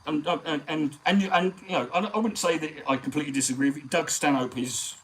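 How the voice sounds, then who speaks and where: A man hosting a live stream, talking in a rambling, sweary, animated way. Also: a little high, a little fast, slight background noise, rough recording. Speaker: comedian and live-stream host. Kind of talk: casual live-stream chat.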